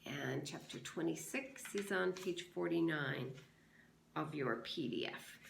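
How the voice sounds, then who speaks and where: Slow, gravelly woman teacher reading aloud. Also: deep voice, slight background noise. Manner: slow, instructive, gently explaining. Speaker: sixth-grade teacher. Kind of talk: read-aloud lesson narration. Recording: echoey room.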